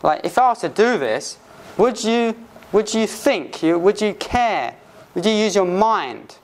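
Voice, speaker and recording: A man teaching English phrases to learners, patiently repeating examples slowly and restarting often. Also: high voice, animated. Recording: faint background noise.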